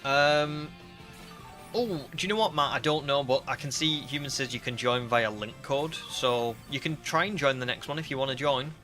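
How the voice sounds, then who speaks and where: A man's voice: medium pitch, moderate pace, bright, forceful tone, faint music behind. Chatty northern English man streaming. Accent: northern English with a slight Scouse twang. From northern England. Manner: chatty, rambling, reads viewer comments aloud. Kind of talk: casual live-stream chat.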